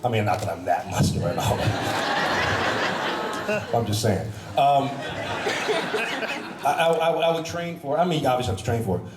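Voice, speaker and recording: A man's voice: medium pitch, animated, moderate pace, pauses often. A man speaking as a guest on a convention panel, telling stories animatedly, laughing and restarting often. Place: large convention hall. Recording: echoey hall from far off, noisy.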